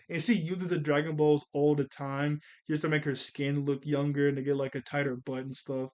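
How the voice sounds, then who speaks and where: A man talks casually about an anime movie. He rambles along in slangy speech and laughs often between his thoughts. His voice sits a little high for a man. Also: little pitch movement, fast. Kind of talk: casual chat.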